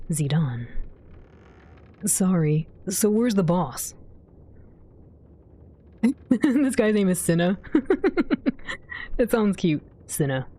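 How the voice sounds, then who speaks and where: While playing a game on stream, a woman chats casually with her viewers, reading their messages aloud and giggling frequently. Her voice is medium-pitched with a dark tone.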